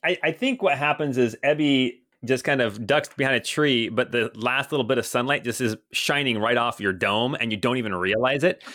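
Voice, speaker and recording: A man running a tabletop role-playing game, painting scenes in loose, rambling sentences and often rephrasing himself. The sound is dry and close, and his pitch sits in the middle. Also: a little fast, few pauses, bright, forceful tone, no echo. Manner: rambling, self-correcting descriptions. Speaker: game master.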